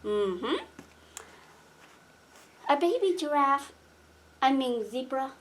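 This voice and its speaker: Slow sing-song mother coaxing a toddler. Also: sits high, animated, very noisy. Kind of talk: playing with a toddler.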